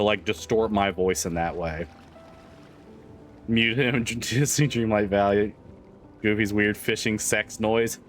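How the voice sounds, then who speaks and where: A man's voice: medium pitch, fairly bright tone. Laughing, swearing man streamer. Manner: laughs often, swears freely, rambling with restarts. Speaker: livestreamer. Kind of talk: casual chat with stream viewers.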